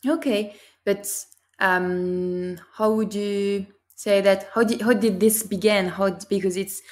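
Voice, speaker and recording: A French-accented woman interviews a guest in English, her questions hesitant and full of fillers. She speaks in a mid-range, everyday voice. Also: mid-range voice. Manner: hesitant, apologetic, many fillers.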